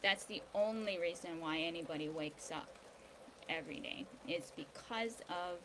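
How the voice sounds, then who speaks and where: A woman hosting a daily video series, talking casually and hesitantly about law and spirituality, with many pauses and ums. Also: fairly low pitch. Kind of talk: casual spiritual and legal talk. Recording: outdoor ambience with rain noise. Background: rain, birds.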